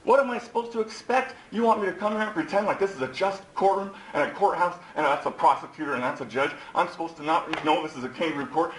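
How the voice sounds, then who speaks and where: Hoarse man ranting in an echoey courtroom. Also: sits high, a bit bright, slight background noise. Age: 40s. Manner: heated, accusatory ranting. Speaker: defendant. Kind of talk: courtroom address.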